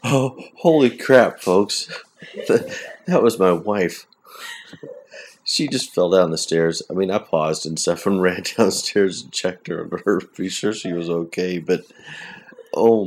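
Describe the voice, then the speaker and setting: Man, very deep voice, podcast host, casual solo talk, plainspoken, rambling. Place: at home.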